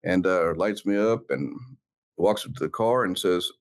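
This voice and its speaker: A man, a former police officer, earnestly recounting his past in an interview, halting and reflective with many fillers. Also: deep voice. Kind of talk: personal storytelling in an interview.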